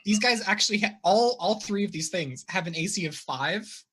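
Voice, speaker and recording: A man's voice: high-pitched, lively intonation, normal speed, a bit bright, a little hiss or hum. A man running a tabletop role-playing game as dungeon master, narrating the action playfully.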